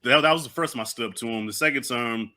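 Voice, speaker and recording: A man hosting a casual podcast chat, an animated storyteller who acts out the voices of people in his stories. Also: mid-range voice, fast talker. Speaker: host.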